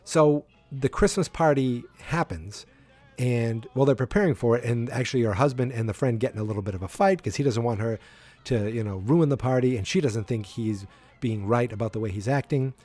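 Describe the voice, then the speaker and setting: A man's voice: medium pitch, fairly quick, darkish tone, faint music behind. A man hosting a podcast who gives a casual, rambling recap of a sitcom episode, full of fillers and restarts. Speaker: podcast host.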